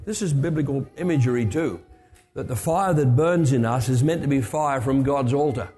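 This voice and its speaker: A man's voice: mid-range voice, normal speed, dark tone, soft background music. An older man preaching a storytelling sermon, chatty, with asides and restarts. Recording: long hall reverb.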